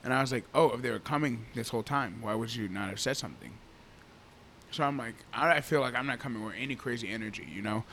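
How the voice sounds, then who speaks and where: Bright-voiced young man in casual podcast chat. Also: mid-range voice, fast, a little hiss or hum. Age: 20s. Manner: animated storytelling, laughing, says "bro" often. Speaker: podcast co-host.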